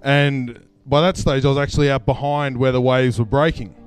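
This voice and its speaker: A man's voice: mid-range voice, fairly even intonation, normal speed, clean tone, faint music behind. A man with an Australian accent telling a personal story on stage at a live event, casual and self-deprecating, chuckling as he goes. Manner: casual, self-deprecating, laughs through lines. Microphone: stage microphone.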